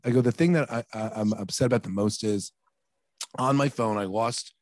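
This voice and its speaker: A man's voice: lowish voice, normal speed, no room sound, clean studio sound. A man in his thirties or forties, a podcast co-host, telling a family story in casual chat and acting out the dialogue with exasperation. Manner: animated, exasperated, acts out quoted dialogue.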